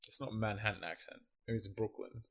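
A man's voice: lowish voice, fairly even intonation, fast, gravelly, bright, forceful tone. A young Australian man co-hosting a casual chat, swearing freely and explaining things at length. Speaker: podcast co-host.

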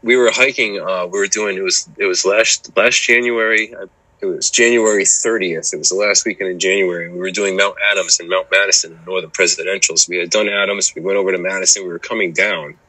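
Podcast guest: low-pitched man, husky, dry recording, loose rambling talk. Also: fairly even intonation, a little fast, sharp tone, no room sound, low-quality recording. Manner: rambling, full of "you know" and restarts. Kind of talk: casual chat.

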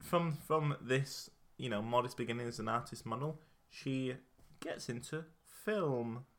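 Bright-voiced joking male podcast host. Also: mid-range voice, unhurried. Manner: joking, rambling, with fillers. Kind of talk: casual chat.

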